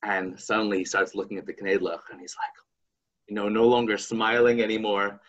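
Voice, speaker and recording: A man hosting a podcast, chatting casually and telling a folk story in an animated, halting way. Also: lowish voice, dull audio. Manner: animated, halting, with many restarts. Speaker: podcast host.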